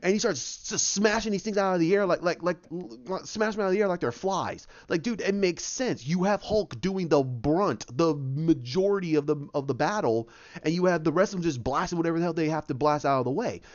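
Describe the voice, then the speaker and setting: A man talks on his own podcast in a lively, rambling way, his voice rising and falling a lot and sitting a little high for a man. He jumps into quick voices and sound effects as he goes. The recording sounds dull and lo-fi. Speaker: podcast host. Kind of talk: casual solo podcast commentary.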